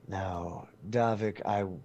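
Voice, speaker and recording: A man's voice: deep voice, fairly even intonation, takes it slowly, a little mellow, muffled recording, slight background noise. A man voicing a courteous, overly formal adventurer who speaks in a polite, elaborate way.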